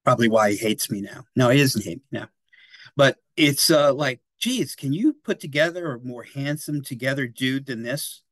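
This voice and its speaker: A man's voice: medium pitch, normal speed, fairly bright tone, no echo. A man in his sixties giving a casual, rambling history talk at a library, often checking in with his listeners. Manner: chatty and digressive, often tags "right?" and "you know".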